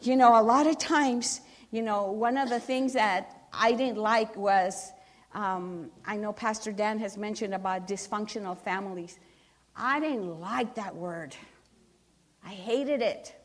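At a church service, a middle-aged woman earnestly shares her personal testimony in an unhurried, medium-pitched voice. She often restarts her sentences for emphasis.

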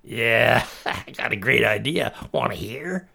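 A man's voice: mid-range voice, expressive, slow, vocal fry, bright, forceful tone, husky, full character voice. A man voicing an ugly, scaly, horned male monster who hisses and mocks, in a spoken storybook. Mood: sly. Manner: hissing, mocking.

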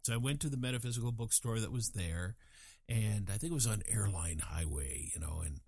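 Telling a group a long, wandering story, a Louisiana man in his sixties keeps making fun of himself along the way. His voice is low-ish, husky, and darkish, moving fairly quickly. The studio sound is clean, with no echo.

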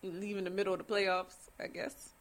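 A woman's voice: medium pitch, little pitch movement, a little fast. A woman co-hosting a sports podcast, chiming in with short, amused replies. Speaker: podcast co-host. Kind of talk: casual sports chat.

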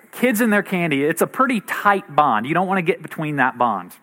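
A man's voice: high-pitched, sharp tone. A man in his thirties, a pastor giving a sermon in a conversational, earnest way. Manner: conversational and earnest, with light laughs.

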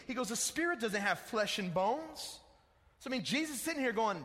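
A man's voice: very high-pitched, very animated, normal speed, sharp tone. A young man preaching a sermon in a casual, slangy way, calling listeners dude and bro. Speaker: pastor. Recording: echoey hall with long reverb.

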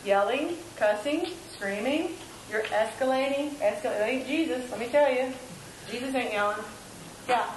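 A woman's voice: on the high side, moderate pace, echoey room, slight background noise, low-quality recording. A middle-aged woman giving a folksy, conversational sermon, often asking the audience questions. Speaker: preacher.

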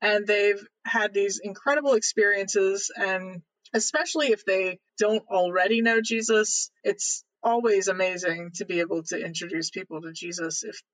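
A man, a podcast guest, earnestly telling a personal faith story in a casual, animated way. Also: high voice, normal speed, few pauses, no room sound, poor audio.

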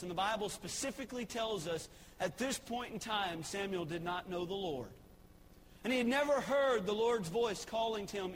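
A man's voice: sits high, in a large hall, a little hiss or hum, low-quality recording. A man preaching a sermon with passion, stammering and repeating words as he builds his points. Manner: impassioned, repeats words, voices characters in a Bible story. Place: church.

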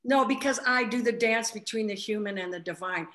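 Bright-voiced woman telling a story. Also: medium pitch, fairly quick. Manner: animated retelling, acts out quotes. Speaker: flight attendant, guest. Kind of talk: casual spiritual conversation, storytelling.

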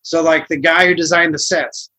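A man's voice: a little high, flat delivery, normal speed, sharp tone, rough recording. A man co-hosting a casual movie review podcast, rambling with lots of fillers and some swearing. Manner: rambling, many likes, swears. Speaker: podcast co-host.

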